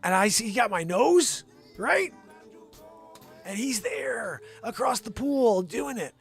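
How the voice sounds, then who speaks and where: A man hosting a casual comedy news livestream, calling out names of viewers in lively shout-outs. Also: extremely high pitch, slow, vocal fry, soft background music. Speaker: host. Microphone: desk mic.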